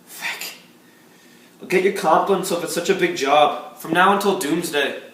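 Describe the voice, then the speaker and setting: A sour, cutting daughter, as a man plays her, pitched high for a man. She talks down with scornful sarcasm. The voice sounds far from the mic in a very echoey room. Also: normal speed, a bit bright, natural voice. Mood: bitter. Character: bitter, sharp-tongued Irish daughter, middle-aged. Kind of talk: amateur stage-play acting.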